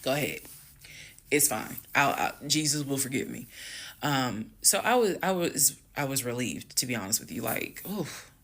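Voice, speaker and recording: Gravelly woman telling a story. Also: extremely low pitch, moderate pace. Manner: chatty, frank, drops to a calm hush when retelling talk. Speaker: storytime creator. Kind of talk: casual storytime monologue.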